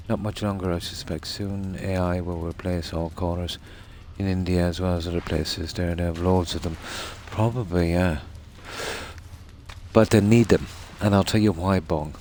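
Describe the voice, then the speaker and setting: Male streamer, deep voice, chatty rambling storyteller, faint ambience behind. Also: darkish tone, a little hiss or hum. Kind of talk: casual chat while gaming.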